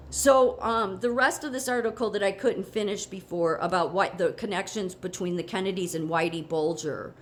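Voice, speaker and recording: An American woman talks straight to her audience in a casual, indignant rant, pitched in the middle for a woman. She circles back on herself with restarts and repeated phrases as her frustration builds. It sounds like an off-the-cuff vlog. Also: moderate pace, few pauses, a little hiss or hum. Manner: heated, indignant, rambling with restarts. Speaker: political commentary vlogger. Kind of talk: casual opinion monologue.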